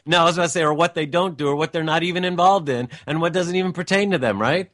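A man's voice: a little high, fairly bright tone. A male talk show host from the US West Coast, interviewing a guest with many fillers and restarts. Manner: halting, many fillers and restarts, laughs along. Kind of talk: casual interview.

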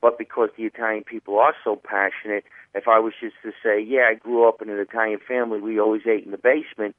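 A man's voice: lowish voice, little pitch movement, fast talker, no echo. A middle-aged man with a New Jersey accent tells funny stories about where he grew up, laughing often as he goes. His voice comes through a thin, tinny phone line, dry and with no room sound. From New Jersey, USA. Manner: jokey storyteller, laughs often. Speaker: stand-up comedian guest. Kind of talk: casual phone interview.

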